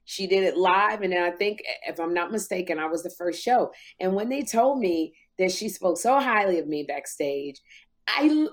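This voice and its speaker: Animated woman in her fifties telling a story. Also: moderate pace. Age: 50s. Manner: emotional, lively, big pitch jumps when quoting. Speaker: talk show host.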